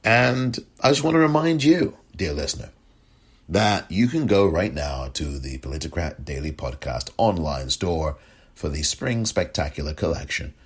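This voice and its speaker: Low husky guy doing his solo podcast, slow and chatty, keeps thanking everyone. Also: sing-song. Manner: chatty, effusive, repeats thanks. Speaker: podcast host. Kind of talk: solo political podcast monologue.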